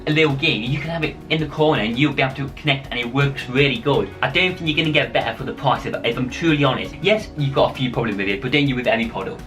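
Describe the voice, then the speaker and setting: Guy, casual gear reviewer, rambling and repetitive, mid-pitched voice with faint music behind. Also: sharp tone. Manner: chatty, repetitive, addresses viewers as guys. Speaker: tech reviewer.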